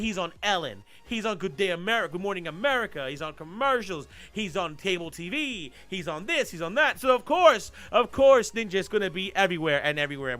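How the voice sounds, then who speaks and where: A man hosting a casual live-streamed podcast, telling a story in an animated, rambling way and swearing freely. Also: high voice. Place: home streaming setup. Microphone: desk mic while streaming live.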